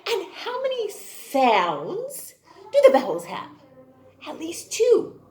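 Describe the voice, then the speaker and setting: High, sing-song woman teacher, echoey room. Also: wildly swooping pitch, takes it slowly, a little mellow. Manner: sing-song, exaggerated and playful. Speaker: kindergarten teacher. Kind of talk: online kindergarten phonics lesson. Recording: roomy echo.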